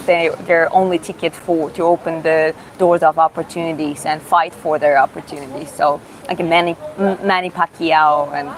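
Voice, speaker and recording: A woman with a Georgian accent and a slightly low voice runs a casual live Q&A. She reads viewers' questions aloud and answers in halting, self-taught English. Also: slight background noise, low-quality recording. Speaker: livestreamer answering chat questions.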